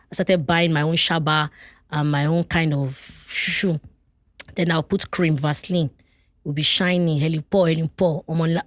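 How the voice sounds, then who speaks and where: Nigerian woman guest, lower voice, dry close mic, animated personal storyteller. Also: no echo. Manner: animated, vivid retelling with laughter. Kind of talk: personal storytelling in a podcast interview.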